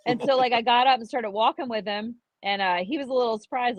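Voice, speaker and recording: A woman's voice: fairly high pitch, quick pace, few pauses, no room sound. A woman co-hosting a casual aftershow, telling stories and acting out what others said. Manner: animated storytelling, acts out quoted dialogue. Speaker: co-host and former contestant.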